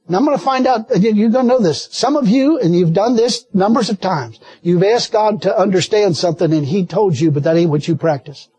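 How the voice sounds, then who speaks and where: A man preaching a sermon with folksy, animated storytelling and frequent laughter. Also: high voice, a little fast, few pauses, husky, no echo.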